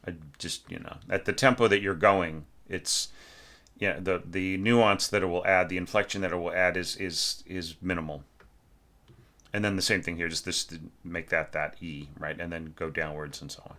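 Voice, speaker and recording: Male orchestration teacher, very low bright voice, chatty and emphatic, sings phrases to demonstrate. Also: steady tone, normal speed. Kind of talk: casual spoken feedback on a student's score.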